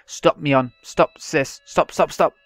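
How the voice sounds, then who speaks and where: A man's voice: fairly high pitch, takes it slowly, fairly bright tone, no echo, soft background music. A man reading the lines of a desperate teenage girl begging for a child's life, in an urgent, pleading way.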